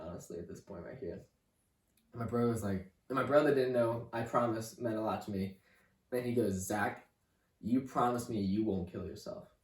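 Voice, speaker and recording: Halting young man giving a testimony. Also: medium pitch, a little mellow, distant mic. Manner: halting, repeats words, leans on "like" and "you know". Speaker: podcast guest. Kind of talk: personal faith testimony. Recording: roomy room, voice off-mic.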